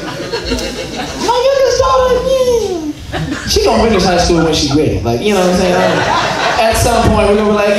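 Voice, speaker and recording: High-voiced guy doing stand-up, cussing a lot, sounds far from the mic, crowd noise all around. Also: normal speed. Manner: profane, animated storytelling with shouted punchlines. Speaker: stand-up comedian. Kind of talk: stand-up comedy set. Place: comedy club stage before a live audience. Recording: echoey room, mic heard from a distance, audience noise.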